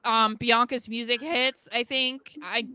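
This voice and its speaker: A woman's voice: a little high, fairly even intonation, unhurried, pushed and bright, clean tone. A young woman co-hosting a podcast, chatting casually about wrestling, full of fillers and acting out what people said. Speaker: podcast co-host. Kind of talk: casual wrestling recap chat.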